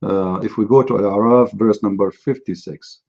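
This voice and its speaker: A man's voice: on the low side, steady tone, normal speed, vocal fry, darkish tone, dull audio. A man hosting a live online debate, mocking and lecturing his opponent in a combative way. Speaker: debate host.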